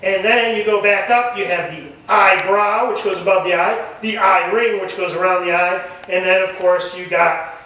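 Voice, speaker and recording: A high-voiced man leads a hands-on camp nature lesson and keeps asking his listeners questions. His voice is bright. He is picked up from far off in a very echoey room. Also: moderate pace, hardly any pauses, a little hiss or hum. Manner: animated, asks the group questions.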